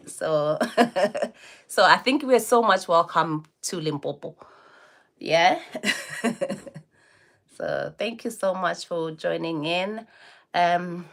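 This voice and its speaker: A woman in her forties chats through a casual livestream, answering viewers' comments one by one. Her voice sits a little low, and she talks slowly, with friendly laughs scattered between her remarks. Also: fairly bright tone. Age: 40s. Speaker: livestream host.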